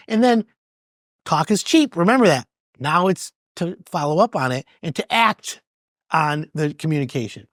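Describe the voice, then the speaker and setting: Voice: medium pitch, sing-song, moderate pace, dry recording. Podcast host talking home reno tips, voice jumps up and down a lot, dry close sound, chatty, repeats himself sometimes. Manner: conversational, repeats words, acts out both sides of conversations. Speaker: podcast host giving home improvement advice. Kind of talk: casual advice talk.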